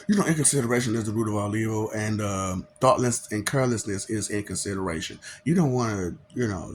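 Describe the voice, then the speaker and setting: A man's voice: medium pitch, creaky, a little hiss or hum. A man in a casual, preachy monologue, chuckling often and asking rhetorical questions. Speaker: vlogger.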